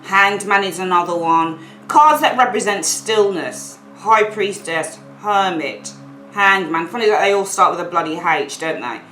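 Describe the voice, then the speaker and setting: A woman giving a casual weekly tarot reading to camera, chatty and expressive, swearing now and then and acting out the figures on the cards. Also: mid-range voice, a little slow, roomy sound, faint music behind, poor audio. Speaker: tarot reader.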